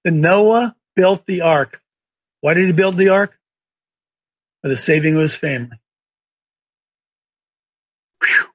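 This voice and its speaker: A man's voice: a little high, slow, pauses often, a bit bright, no room sound, dull audio. A man preaching a sermon in a folksy, emphatic way. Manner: folksy, emphatic, acts out quoted voices.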